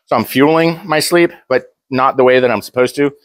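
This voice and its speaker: A man's voice: medium pitch, fairly quick, dry recording. A young man talking casually to camera, blunt and joking, rambling with frequent restarts. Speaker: powerlifter vlogger.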